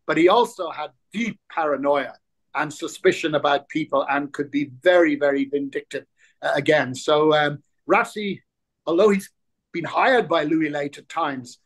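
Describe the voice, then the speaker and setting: A man in his sixties, an interview guest telling stories in casual chat, lively and full of restarts. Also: on the high side, moderate pace. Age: 60s. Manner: animated storyteller, frequent restarts.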